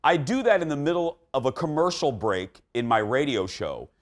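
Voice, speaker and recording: A man's voice: medium pitch, animated. A man in his forties hosting a live morning talk show in an upbeat, chatty way. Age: 40s. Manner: upbeat and chatty, quick asides. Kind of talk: lively morning show chat. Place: TV studio with live audience.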